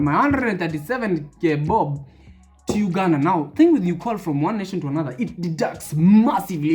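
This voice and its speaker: A young Kenyan man vlogging, telling a story in an animated way and acting out the people in it. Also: fairly high pitch. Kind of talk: storytime vlog.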